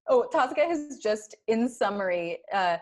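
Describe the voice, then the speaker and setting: A woman's voice: fairly high pitch, animated, takes it slowly. A young adult woman, a guest actor and director, chatting casually on a podcast, laughing often and using many fillers.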